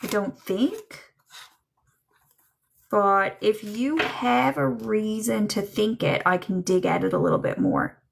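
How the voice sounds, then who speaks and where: A woman doing a live psychic reading for chat viewers, slow and musing, with many ums and trailing thoughts. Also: mid-range voice, vocal fry, background noise. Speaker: psychic medium.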